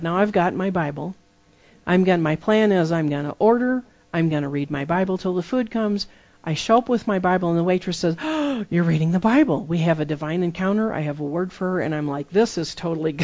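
A preacher giving a sermon full of personal testimony, telling the stories lively and acting out the dialogue. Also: medium pitch, fast talker, dull audio. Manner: lively storytelling that acts out dialogue.

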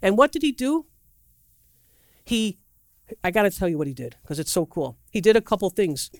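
In a medium-pitched voice with big pitch swings, a preacher gives a rambling sermon at normal speed, pausing often and wandering into restarts and asides. He acts out quotes and puts questions directly to the audience, recorded in clean studio sound with no room sound.

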